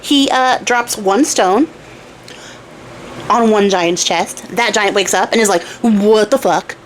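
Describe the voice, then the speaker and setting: A woman's voice: medium pitch, slow, a little hiss or hum. A young woman retelling a fairy tale in a chatty, irreverent way with casual swearing. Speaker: storyteller and crafter. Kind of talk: casual storytelling.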